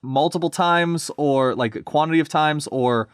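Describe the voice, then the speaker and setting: A man's voice: on the high side, a little slow, clear, resonant tone, no echo, studio quality. A man hosting a casual read-and-review show, chatty and full of fillers and swearing. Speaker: host reading and reviewing fan fiction. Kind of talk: casual review and reading aloud.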